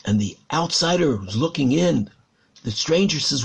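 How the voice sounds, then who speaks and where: Gravelly high-voiced rabbi preaching. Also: male voice, animated, moderate pace. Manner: dramatic storytelling, repeating words for emphasis. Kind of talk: Torah sermon.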